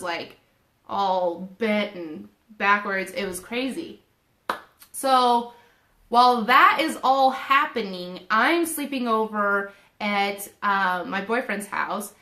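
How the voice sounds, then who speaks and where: Animated young woman telling a story, roomy. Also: mid-range voice. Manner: animated, emotional retelling with quoted inner voices. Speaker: spiritual video host. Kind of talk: casual personal storytelling. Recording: roomy echo.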